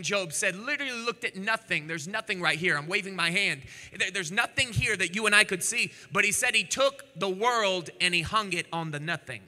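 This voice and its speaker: A male pastor preaching a sermon, reading scripture dramatically, acting out the voices and building up to shouting. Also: sits high, animated, a little fast, hardly any pauses. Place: church sanctuary. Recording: long church hall reverb.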